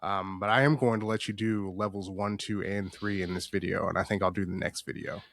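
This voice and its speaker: A man's voice: low voice, fairly even intonation, fairly quick, gravelly, a bit bright. A young man co-hosting a casual comedy podcast, swearing freely and teasing his co-host. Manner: profane, joking, teasing.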